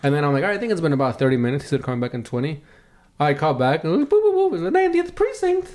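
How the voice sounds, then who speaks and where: A man co-hosting a podcast, telling a story in casual chat, acting out other people's lines with sudden jumps in pitch and lots of swearing. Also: very fast. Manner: animated, acts out quotes with big pitch jumps, swears a lot. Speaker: podcast co-host.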